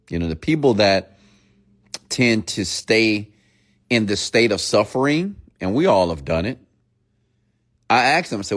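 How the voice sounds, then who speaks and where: Animated low-voiced middle-aged man ranting. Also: unhurried, long pauses. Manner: animated, playful, mimics people for effect. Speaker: motivational speaker. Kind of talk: late-night motivational rant.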